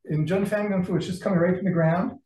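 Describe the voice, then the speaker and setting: A man's voice: sits high, steady tone, fast talker, dark tone. A man teaching a martial arts class, calling out combinations and checking in with his students, sounding out of breath. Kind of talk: class instruction. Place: training gym. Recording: echoey gym from far off.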